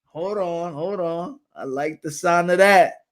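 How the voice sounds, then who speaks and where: A man hosting a boxing channel, talking casually and excitedly on a livestream, trash-talking and laughing. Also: high-pitched, takes it slowly.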